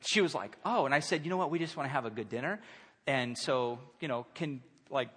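A man in his thirties preaching a sermon in a church, conversational and animated, acting out quotes. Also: medium pitch, fast, slightly rough. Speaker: pastor. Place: church sanctuary. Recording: long hall reverb.

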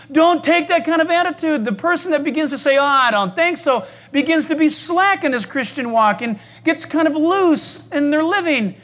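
A man preaching a sermon, swinging between loud declarations and hushed asides, acting out voices and asking the congregation questions. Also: very high-pitched.

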